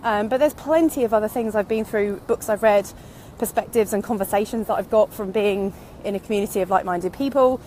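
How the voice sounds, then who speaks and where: A woman's voice: medium pitch, fairly quick, few pauses, darkish tone, slight background noise. A woman in her thirties, a vlogger talking candidly and going off on tangents while she walks, a little out of breath. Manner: candid, rambling, goes off on tangents. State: slightly out of breath from walking. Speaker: online business vlogger. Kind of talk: casual reflective monologue. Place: outdoors, walking.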